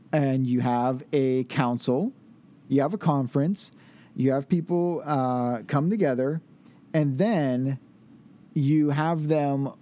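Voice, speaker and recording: A man's voice: medium pitch, dark tone. A young man teaching church history in a rambling, informal way, reading passages aloud and then explaining them with lots of fillers. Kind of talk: casual church history lecture.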